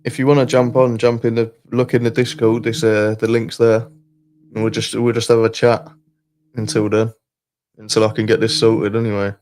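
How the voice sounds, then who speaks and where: A man's voice: fairly low pitch, flat delivery, normal speed, a little mellow. A man hosting a live call-in stream, talking in a laid-back, rambling way and swearing casually. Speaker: stream host.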